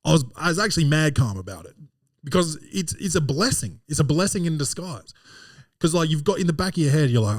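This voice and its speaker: A man hosting a podcast, telling a comedic film recap in an animated, profane way. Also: fairly high pitch, a little fast, dry recording, clean studio sound. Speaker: podcast host.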